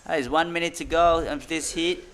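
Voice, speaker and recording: A man calling a surf contest live, excitable and chatty, with loose, informal grammar. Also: fairly high pitch, fairly quick, noisy background. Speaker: surf commentator. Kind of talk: live sports commentary.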